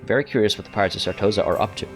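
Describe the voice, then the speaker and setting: A man's voice: on the low side, very fast, faint music behind. A man narrating his own strategy game, thinking aloud in a hesitant, musing way. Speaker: let's play host. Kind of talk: gameplay commentary.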